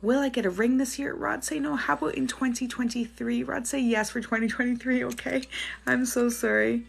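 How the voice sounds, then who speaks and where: Speaking fairly quickly, this Canadian psychic livestream host has a fairly high, steady voice with vocal fry and a slight roughness. She reads out viewers' names and questions, then answers them chattily and reassuringly.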